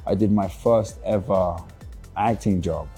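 A man's voice: sits low, a little slow, soft background music. A young adult man, an actor guest, chatting casually and rambling with easy laughs in a bar. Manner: relaxed, rambling, laughs easily. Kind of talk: casual interview chat.

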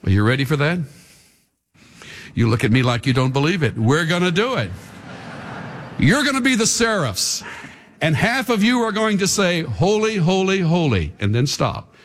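A man's voice: a little high, very animated, moderate pace, long pauses, fairly bright tone. A man preaching a sermon to a live congregation in a church, dramatic and rousing, leading them in call-and-response. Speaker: pastor.

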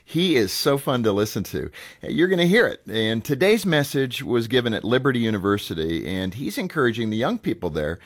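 A man's voice: medium pitch, very animated, a little fast, dry recording, studio quality. A man hosting a radio show, chatting casually with small hesitations.

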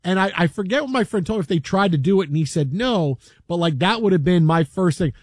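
A male sports talk host telling a story in casual chat, animated and acting out the voices. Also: high voice, fast talker, hardly any pauses, dry recording, studio quality. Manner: animated, acts out voices, chuckles.

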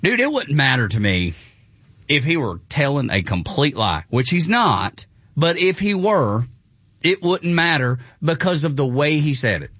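A man hosting morning radio talk, excitable and jokey, laughing often. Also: fairly high pitch, measured pace, no echo, lo-fi sound. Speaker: radio host.

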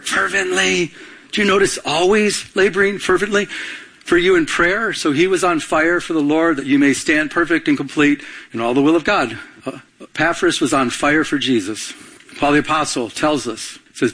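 A man preaching a sermon as pastor, asking the congregation to call out answers and building to excited bursts. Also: a little high.

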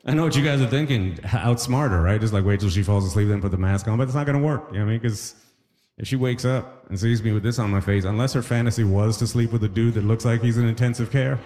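A man's voice: fairly low pitch, fast, warm tone, long reverb tail. A man from the Caribbean doing a stand-up comedy set, punchy and conversational, tossing rhetorical questions at the crowd.

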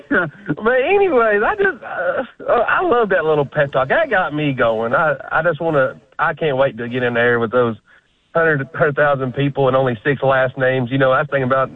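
A man calling in to a sports radio show, laughing and folksy. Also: medium pitch. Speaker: caller. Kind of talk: casual call-in chat. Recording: tinny dry phone line.

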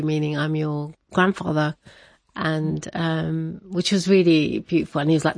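Lively woman telling a personal story. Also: low voice, measured pace, gravelly, dry recording. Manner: animated, laughs often, acts out family voices. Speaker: interviewee.

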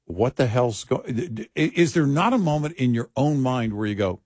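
A man from Texas co-hosting late-night radio talk, chatty and expressive. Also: mid-range voice, moderate pace, husky, no echo, studio quality.

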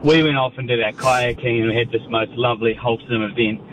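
A man's voice: medium pitch, fast talker. A man calling in to a radio show, telling a story and acting out the quotes. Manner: animated storyteller, acts out quotes. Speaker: caller. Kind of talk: phone-in storytelling. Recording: dull phone line with noise.

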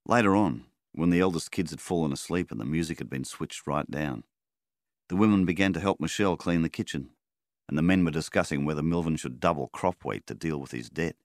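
A man reading a novel aloud as an audiobook narrator, measured and even. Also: a bass voice, dry recording, studio quality. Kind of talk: scripted narration.

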